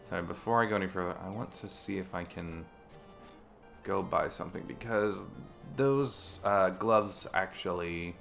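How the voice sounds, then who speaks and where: A low-voiced man with a creaky, gravelly tone chats casually while streaming a video game. He rambles along, often restarting his sentences, while faint game music plays behind him. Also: normal speed, a bit bright. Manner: rambling, chatty, with frequent restarts.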